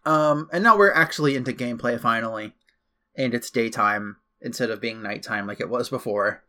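Host, casual man recapping a game plot, bright forward voice. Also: mid-range voice, fairly quick. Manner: chatty, loose recap with fillers and asides. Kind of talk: casual chat.

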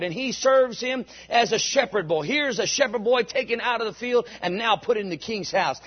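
Preacher, emphatic, high, husky; dull lo-fi recording. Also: male voice. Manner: emphatic, builds to shouts. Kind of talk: sermon.

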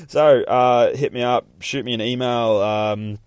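Male comic podcast host, mid-range voice, foul-mouthed and animated, dry booth sound. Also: medium pitch, slow, smooth, no echo. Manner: animated, profane storytelling that acts out characters. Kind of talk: casual solo podcast recap.

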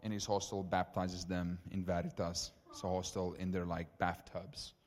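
A young man preaching a testimony sermon, telling stories with lively acted-out dialogue. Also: deep voice, moderate pace. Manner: animated, acts out dialogue in stories. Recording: long reverb of a hall.

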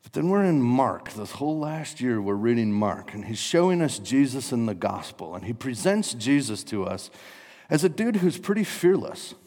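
A man delivers a sermon in a church hall, his voice carrying a long reverb. He is animated and slips into frantic, panicked voices to act out people's fears. His pitch sits in an ordinary middle range. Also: normal speed. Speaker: pastor.

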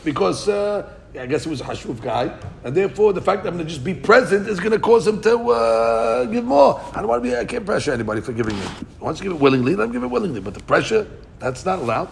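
Male Talmud teacher, gravelly voice, animated, faint hiss. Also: high-pitched, quick pace. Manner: animated, voice jumps up when acting out speakers; mixes Aramaic reading with English explanation. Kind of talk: Talmud class, reading and explaining.

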